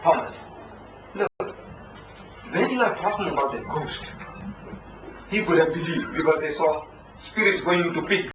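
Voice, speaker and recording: A man's voice: on the high side, unhurried, long pauses. A man debating heatedly, emphatic and argumentative. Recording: echoey, distant, dull and noisy old recording.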